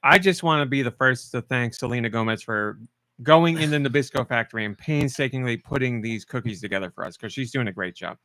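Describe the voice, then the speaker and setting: A man's voice: mid-range voice, a little fast, bright, forceful tone, dry recording. A man hosting a casual podcast, joking and reading out chat comments as he taste-tests snacks. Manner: playful, reads chat comments aloud while eating. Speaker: podcast host.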